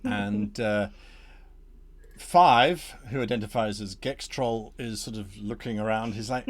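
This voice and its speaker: A man's voice: fairly low pitch, measured pace. A man narrating as game master for a tabletop game, playful and chuckling as he tells the story.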